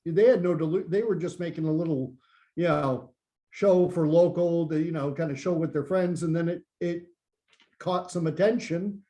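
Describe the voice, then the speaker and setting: A man's voice: on the high side, moderate pace, mellow. A man talking casually on a podcast, often repeating words as he thinks. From Canada.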